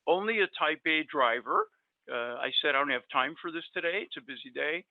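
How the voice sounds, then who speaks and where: A man's voice: a little high, lively intonation, a little fast, dry recording. A middle-aged man telling long, rambling personal stories in casual chat, with many fillers. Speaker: guest dentist. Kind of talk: casual storytelling. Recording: dry tinny phone-like line.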